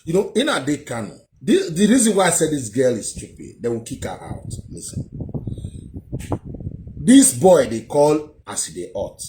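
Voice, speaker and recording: A man's voice: fairly high pitch, sing-song, unhurried, noisy background. A man, delivering heated, scornful commentary with rhetorical questions. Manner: scornful, lectures the viewer with many rhetorical questions. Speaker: vlogger.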